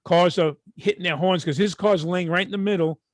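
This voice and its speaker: A middle-aged man with a Brooklyn accent, co-hosting a podcast and telling stories in a casual, profane, animated way. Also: sits high, brisk, dry recording, studio quality. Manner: animated, profane, acts out quotes. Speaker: podcast co-host. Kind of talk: casual storytelling.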